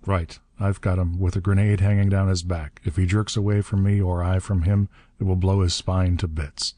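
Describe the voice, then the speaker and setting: A man's voice: sits low, level tone, moderate pace, dark tone, close to an everyday voice. A man voicing a cool, unflappable man who speaks composedly.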